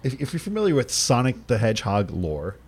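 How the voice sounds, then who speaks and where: A man's voice: medium pitch, huge pitch swings, fairly quick, darkish tone, slightly rough. A man co-hosting a podcast, telling rambling stories in casual chat and swearing freely. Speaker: podcast co-host.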